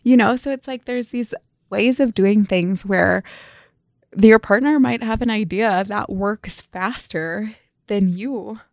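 Woman, thirties, podcast co-host, casual and chatty, mid pitch, dry close recording. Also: slow, a little mellow, dry recording. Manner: chatty, retells stories with quoted dialogue. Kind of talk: casual chat.

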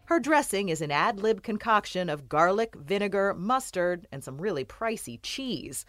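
A woman's voice: mid-range voice, big pitch swings, normal speed, dry recording. A woman narrating a scripted news feature in a storytelling tone.

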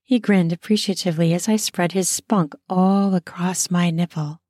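Soft, intimate woman reading an erotic story. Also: on the low side, fairly even intonation, no room sound, studio quality. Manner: intimate, soft, drawn-out delivery. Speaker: narrator. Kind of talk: first-person erotic audio story reading.

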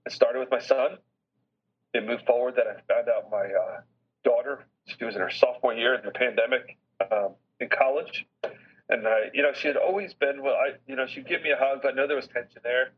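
Earnest middle-aged man, husky voice. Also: medium pitch. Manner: earnest and heartfelt, reflective pauses. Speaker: business chairman as podcast guest. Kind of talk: candid personal storytelling in an interview. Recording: slightly dull lo-fi recording.

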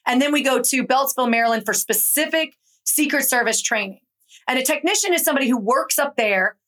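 A young adult woman from Georgia, a guest author telling her story in an animated, conversational interview. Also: sits high, a little fast. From Atlanta, Georgia. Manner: animated, acts out quoted voices in her stories.

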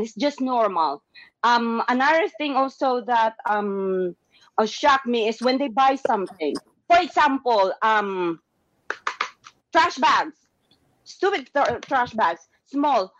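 A woman's voice: high voice, dry recording. A woman talks eagerly as a guest, slipping into little voices whenever she quotes someone. The sound is dull and very dry. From Philippines. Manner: talkative, acts out quoted remarks in changed voices. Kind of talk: casual conversation sharing experiences.

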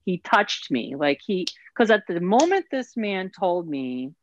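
A woman's voice: lowish voice, sing-song, measured pace, highs cut off, a little hiss or hum. A woman telling her own story as an interview guest, candid and emotional. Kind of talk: personal storytelling.

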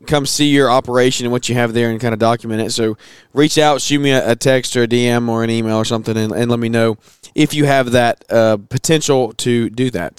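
A man in his thirties hosting a podcast, talking casually with a hoarse voice and plenty of fillers and restarts. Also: medium pitch, no echo, clean studio sound. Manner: chatty, rambling with fillers and restarts. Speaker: podcast host.

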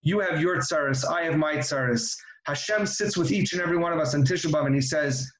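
A man's voice: fairly high pitch, a little fast, hardly any pauses, a bit bright. A man giving an earnest, reflective religious talk that moves into storytelling, often restarting his sentences. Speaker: religious teacher. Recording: echoey room.

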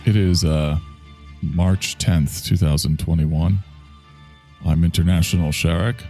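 A man's voice: low-pitched, fairly even intonation, measured pace, over music. A man hosting a casual solo chat show, rambling with sarcastic asides and sighs. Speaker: host.

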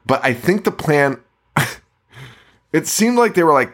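A man talking on a podcast in an easygoing, rambling way. He curses freely and breaks into laughter as he goes, with a voice of middling pitch. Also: expressive, moderate pace. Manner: rambling, profane, laughs often. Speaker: podcast co-host. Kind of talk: casual movie-review chat.

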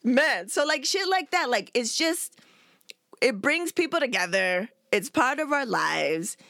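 A woman in her forties hosting a casual chat, talking in an animated, slangy way and laughing often. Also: high voice, measured pace, vocal fry, no echo, clean studio sound. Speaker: podcast host.

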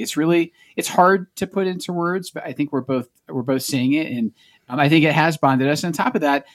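A man's voice: fairly high pitch, a little mellow, no room sound. A man with a Scottish accent, a doctor chatting as a guest on a podcast. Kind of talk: casual podcast chat.

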